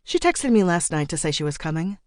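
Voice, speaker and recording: A woman voicing a practical woman who runs a book club in an audiobook, speaking briskly and gently firmly. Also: lowish voice, big pitch swings, no echo, studio quality. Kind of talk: audiobook character reading.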